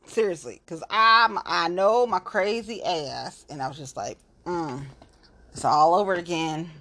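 A woman's voice: lowish voice, a little slow, fairly bright tone. Woman, casual monologue, blunt, cursing freely, rambling. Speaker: local political activist.

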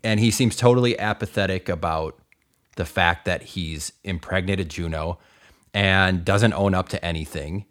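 A man with a very low voice talks through a film on a podcast. He is emphatic and incredulous, slowing down to hammer his points home. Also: a bit bright. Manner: emphatic, incredulous, deliberate stresses. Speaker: podcast co-host. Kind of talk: casual movie discussion.

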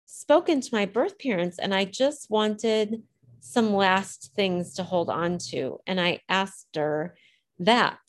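Slow, reflective woman telling her story. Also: mid-range voice. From Illinois. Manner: reflective, hesitant, chooses words with care. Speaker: interview guest. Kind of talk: personal storytelling in conversation.

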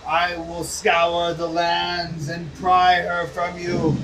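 A man putting on a slow menacing vampire lord. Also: sits high, monotone, distant mic, music in the background. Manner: slow, measured, threatening. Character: ancient menacing vampire lord, male, cold and possessive.

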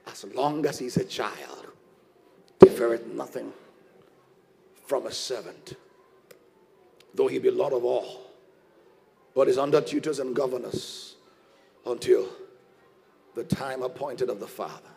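A man preaching a sermon as pastor, shouting and lifting his phrases into a sing-song. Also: mid-range voice, gravelly, breathy edge.

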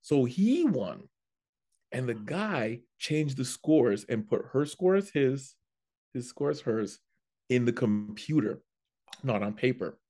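Animated man telling a story. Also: medium pitch, takes it slowly. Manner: animated, repeats and restarts while telling. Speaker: comedian guest. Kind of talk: casual storytelling.

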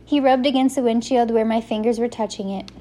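A woman reading a first-person story aloud as an audiobook narrator, giving the characters lively voices. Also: on the high side, fairly quick.

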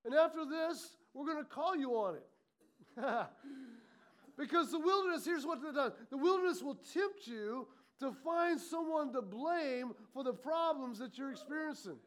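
Brief: male pastor, very high voice, lively sermon delivery, mimics grumbling. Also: unhurried. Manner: animated preaching, acts out muttering complaints.

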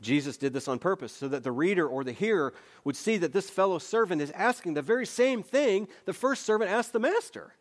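A man's voice: high voice, expressive, brisk, hardly any pauses. A man preaching a sermon as pastor, earnest and emphatic, with repeated phrases and conversational rhetorical questions.

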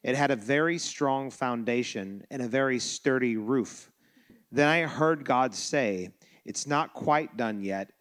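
A man's voice: mid-range voice, unhurried, a bit bright. A man preaching a sermon as pastor, loose and joking, with many restarts. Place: church sanctuary.

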